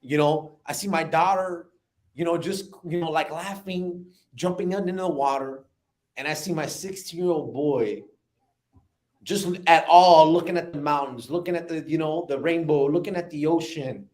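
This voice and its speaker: A man in his thirties, a business owner telling an emotional personal story in an animated way, often repeating words. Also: a little high, moderate pace.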